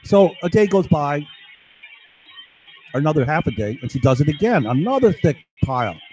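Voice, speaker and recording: A man's voice: fairly high pitch, big pitch swings, moderate pace, a little mellow, a little hiss or hum, poor audio. A man telling a long, agitated story on a live stream, swearing often and tagging his sentences with "right?". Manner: agitated, profane, keeps asking "right?". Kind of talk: rambling monologue.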